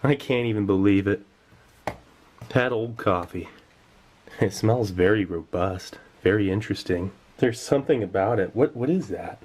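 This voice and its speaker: Enthusiastic man tasting old food, low voice. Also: normal speed, darkish tone. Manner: enthusiastic, chews while talking. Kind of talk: casual tasting commentary.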